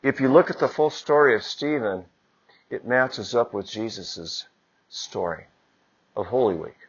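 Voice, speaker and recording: A priest giving a conversational homily, building to moments of emphasis. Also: male voice, mid-range voice, unhurried, slightly rough, dull audio. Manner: conversational preaching with rising emphasis. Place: church.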